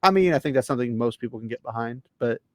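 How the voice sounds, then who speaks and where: A man co-hosting a casual trailer reaction, sarcastic and animated, laughing often. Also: medium pitch, rapid-fire, very noisy.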